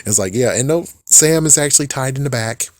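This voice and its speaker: A man's voice: medium pitch, lively intonation, fairly quick, no echo, studio quality. A man giving a casual, rambling spoiler recap of a movie, swearing often and laughing at it. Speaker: movie reviewer.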